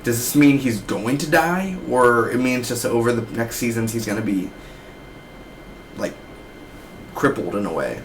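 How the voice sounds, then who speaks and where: A man's voice: mid-range voice, lively intonation, moderate pace, pauses often, slight background noise, rough recording. A man in his twenties giving a casual, rambling TV episode review, full of slang like "man" and "dude". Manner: slangy, loose, keeps saying man and dude. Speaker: TV show reviewer.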